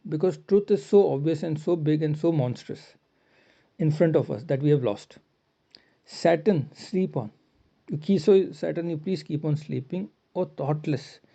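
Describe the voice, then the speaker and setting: A man's voice: fairly high pitch, creaky, mellow. A man teaching a poem, reading each verse line and then paraphrasing it in simple words. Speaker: literature teacher. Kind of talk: line-by-line poetry explanation. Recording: dull lo-fi recording.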